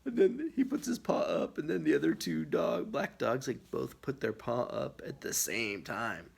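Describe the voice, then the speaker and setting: A man telling a funny personal story in a casual, animated way, with lots of filler words. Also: medium pitch, normal speed, creaky, husky.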